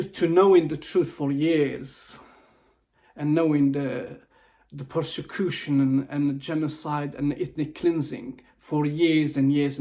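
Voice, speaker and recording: A motivational speaker, a man with a mellow and slightly high voice, speaks in an impassioned personal video message. He is upset, almost in tears, and he pleads, repeats things and starts his phrases over.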